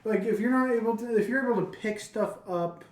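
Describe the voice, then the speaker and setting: A woman's voice: on the high side, brisk, a little mellow, roomy sound. A woman co-hosting a podcast in casual chat, asking questions and testing the logic of each point. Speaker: podcast co-host.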